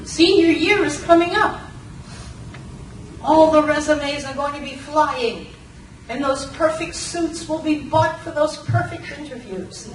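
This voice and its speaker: Older lady from massachusetts telling a story on stage, high voice, takes her time, echoey far-off mic. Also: measured pace. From Lawrence, Massachusetts. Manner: animated, shifting into voices and snatches of song. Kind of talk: live storytelling performance. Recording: roomy, distant from the mic, faint room noise.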